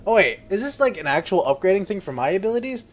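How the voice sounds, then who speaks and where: A man's voice: high voice, big pitch swings, brisk, slight background noise. Giggly young man rambling over gameplay. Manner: rambling, giggly, talks to himself, swears. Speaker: gamer playing a game. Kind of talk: let's play commentary.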